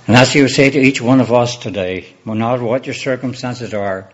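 Preaching with measured earnestness, a male pastor layers his sermon with repeated rhetorical questions. He has a medium pitch, and the audio is dull.

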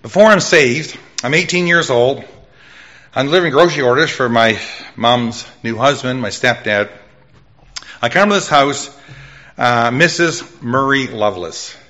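A middle-aged man preaching his life testimony with a loud voice, telling his story with lively jumps in pitch. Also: a little slow, dull audio. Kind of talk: testimony sermon.

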